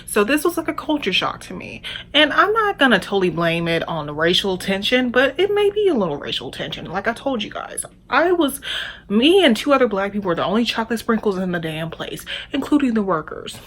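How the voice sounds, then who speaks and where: A woman's voice: mid-range voice, sing-song, a little fast, a bit bright, a little hiss or hum. A young woman telling a storytime vlog, candid and profane, talking straight to her viewers. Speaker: vlogger.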